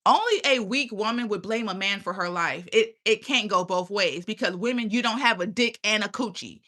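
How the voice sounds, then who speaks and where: A woman's voice: mid-range voice, normal speed, pushed and bright. A young adult woman hosting her own channel, ranting in a blunt, profane, preachy way and firing questions at her viewers. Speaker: channel host. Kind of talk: casual livestream rant.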